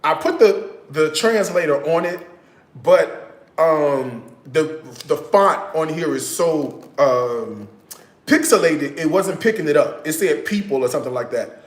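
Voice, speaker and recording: A chatty man with a drawl hosts a casual cooking livestream, his voice sitting a touch high for a man. He keeps asking "okay?" and calls his viewers "y'all". The sound carries a noticeable echo from a bouncy kitchen. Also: lively intonation, a little slow. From United States. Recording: echoey room.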